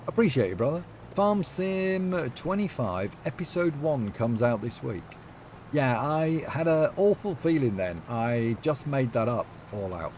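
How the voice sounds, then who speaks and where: Slightly slow and sing-song, this man's medium-pitched, a little mellow voice comes through slight background noise as he streams a farming game. He chats casually and rambles, reading chat aloud with lots of fillers.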